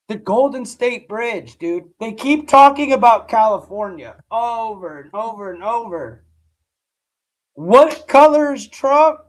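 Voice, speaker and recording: A man whose voice is nearly gone talks slowly and rambles through a casual live reaction stream. He keeps repeating himself and calling people "dude" in a loose, conversational way. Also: very high voice, low-quality recording.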